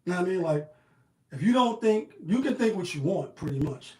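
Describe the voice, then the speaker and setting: A man giving casual commentary on the news in a slangy, animated, riffing manner. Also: high voice, a little fast, roomy sound.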